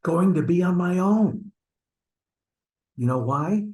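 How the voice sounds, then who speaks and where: A man's voice: sits high, expressive, takes it slowly, darkish tone, low-quality recording. A man playing a flustered cheating husband. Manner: sheepish and stammering, pressing his friend. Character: flustered middle-aged husband hiding an affair. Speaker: acting student. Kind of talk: online stage scene acting. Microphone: video call.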